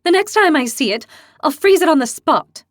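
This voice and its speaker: A woman's voice: high voice, expressive, normal speed, no echo, studio quality, voice pushed up. A woman voicing a hot-tempered young horned woman who speaks bluntly and sarcastically. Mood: angry.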